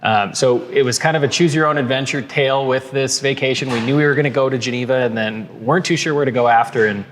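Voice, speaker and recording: Minnesotan male co-host, casual rambling chat, mid pitch, reverberant room. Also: quick pace, hardly any pauses, slight background noise. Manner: chatty, with many restarts and fillers. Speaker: podcast co-host. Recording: long reverb.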